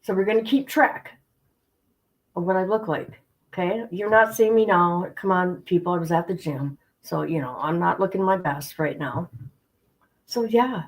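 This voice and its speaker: Over poor audio, a middle-aged woman with a lowish voice talks at a moderate pace. As a livestream host, she chats casually with viewers, addressing them directly and repeating herself for emphasis.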